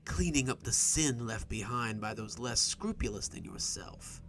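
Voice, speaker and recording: A man voicing a sly, menacing male stranger who speaks in a raspy, wheezing half-whisper with a smug, taunting manner. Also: medium pitch, expressive, unhurried, a bit bright, slight background noise.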